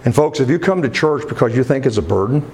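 A man's voice: medium pitch, expressive, fast talker, darkish tone, a little hiss or hum. Man preaching with call-and-response questions. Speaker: pastor. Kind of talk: sermon.

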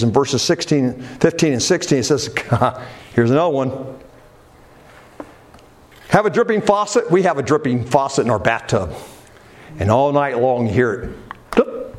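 Animated preacher, lively pitch. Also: male voice. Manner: animated, conversational preaching with asides to the congregation. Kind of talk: sermon.

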